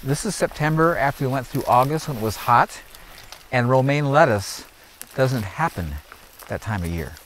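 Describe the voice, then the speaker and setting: A man with a medium-pitched, animated and fairly bright voice leads a group on an outdoor garden tour at a normal pace. He teaches in an emphatic, preachy style, repeating phrases and asking "are you hearing me?" The low-quality recording carries slight background noise.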